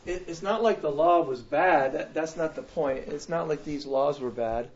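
A man's voice: on the high side, moderate pace, slightly rough, dull audio. A man in a study group who makes his point with hesitant restarts. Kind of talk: casual discussion.

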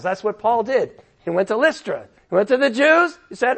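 A man's voice: high voice, very animated, moderate pace, hardly any pauses, fairly bright tone. A man preaching an expository sermon, emphatic and emotional, with conversational asides to his listeners. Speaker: pastor.

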